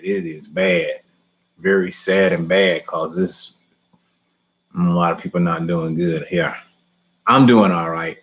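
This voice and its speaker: Hosting a live question-and-answer stream about lawn care, a man with a low voice chats easily, chuckles often, and repeats himself.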